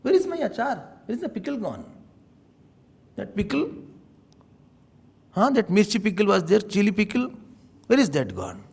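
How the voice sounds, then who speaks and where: A man's voice: high-pitched, wildly swooping pitch, moderate pace, vocal fry, pauses often, a little mellow, full character voice. A man voicing a fussy, demanding middle-aged husband who nags his wife. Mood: petulant. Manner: nagging, whiny, keeps calling for his wife.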